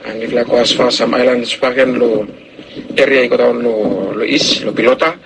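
A man's voice: mid-range voice, fairly even intonation, normal speed, creaky, background noise. A man, leading a search and rescue, speaking hesitantly with many fillers in a news interview. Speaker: rescue operation leader.

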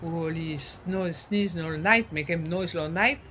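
A man talks in a casual interview, slipping in French words and pausing to find the right ones. His voice sits high, and a faint noise hums behind him. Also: bright, forceful tone. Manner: searching for words, many fillers. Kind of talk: casual conversation.

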